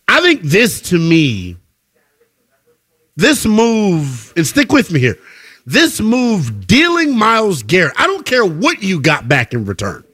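A man co-hosting a sports talk show, debating in an emphatic, slangy, animated way. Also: high-pitched.

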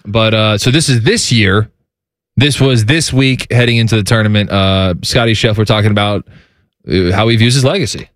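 A man's voice: on the low side, normal speed, no echo, clean studio sound. A man hosting a sports podcast, chatting casually, joking and leading into clips. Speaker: podcast host. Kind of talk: casual chat.

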